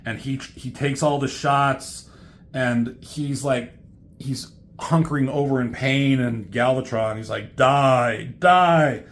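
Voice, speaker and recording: A man talks through a comic book in a loose, rambling way as a reviewer. He swears freely and keeps his voice at a middle pitch. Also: steady tone, a little slow. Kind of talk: casual retelling of a comic.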